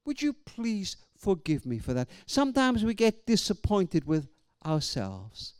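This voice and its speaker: Preacher guy, middle-aged, highish smooth voice, dry close sound, goes loud then quiet telling stories. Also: huge pitch swings, unhurried, no room sound. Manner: storytelling, swings from loud to hushed. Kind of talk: sermon. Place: church hall or event venue.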